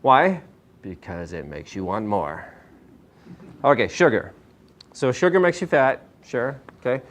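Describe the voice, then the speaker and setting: Talking a little slowly in a medium-pitched voice, a man gives a casual nutrition talk as a chiropractor to a small live audience in a meeting room. He's upbeat, calls himself hyper, and fires questions at those listening.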